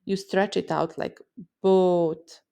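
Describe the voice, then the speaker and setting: A woman from a Serbian-speaking region teaches pronunciation in a scripted lesson, her voice carrying heavy vocal fry. She talks in a lively way, building a vivid mental picture for each sound. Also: medium pitch, normal speed. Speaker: language teacher.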